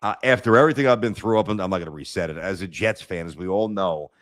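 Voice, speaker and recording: A man's voice: low-pitched, quick pace, no room sound, studio quality. A middle-aged man with a New York accent, telling stories bluntly as a guest on a sports podcast, with stammered restarts. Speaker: sports radio host, guest. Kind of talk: casual podcast chat.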